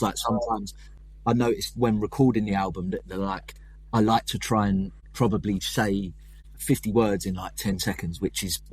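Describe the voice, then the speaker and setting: A man's voice: low voice, slightly rough. A young man with a London accent, chatting in an interview about his band's songwriting in a rambling, self-deprecating way. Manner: rambling, self-deprecating, quick talker with restarts. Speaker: punk band vocalist and lyricist. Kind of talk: casual interview chat.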